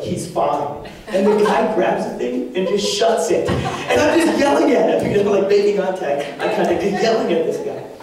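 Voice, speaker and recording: Animated young man in an echoey hall. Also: fairly high pitch. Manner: animated, laughs often, many fillers. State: losing his voice. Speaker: parish speaker. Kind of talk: lively storytelling talk to a group. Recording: echoey hall from far off, faint noise.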